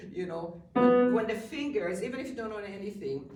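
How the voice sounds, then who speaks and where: A woman's voice: mid-range voice, expressive, fairly quick. Encouraging woman piano teacher, distant and roomy. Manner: encouraging, repeats short praise. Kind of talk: hands-on music coaching. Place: room with a piano.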